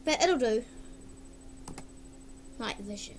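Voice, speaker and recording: A woman talks into her webcam at home, her voice very high, bright and lively in pitch, and her pace slow. She gasps, giggles and hums little tunes between remarks. A faint hum of room noise sits under the webcam recording. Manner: giggly, exclaims often, hums and sings along. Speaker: vlogger. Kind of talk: casual webcam chatter.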